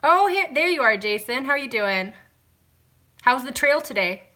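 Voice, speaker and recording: A woman chats casually on a live stream from home, greeting viewers by name and answering their comments. Her voice is bright and a little sharp. She keeps talking as she washes glasses by hand. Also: high voice, big pitch swings, moderate pace. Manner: talks while washing glasses by hand. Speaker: vlogger hosting a live stream.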